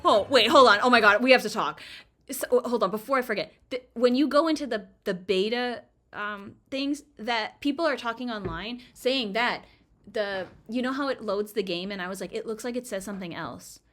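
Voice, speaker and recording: A young woman streaming a video game, reacting with excited, swearing, laughing commentary. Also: a little high, normal speed. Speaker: gaming streamer. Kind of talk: excited casual let's-play commentary. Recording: game music under voice. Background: game music.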